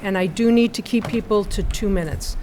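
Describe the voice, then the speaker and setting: A woman chairing a town board meeting, brisk and procedural as she moves through the agenda. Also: medium pitch, dark tone, a little hiss or hum.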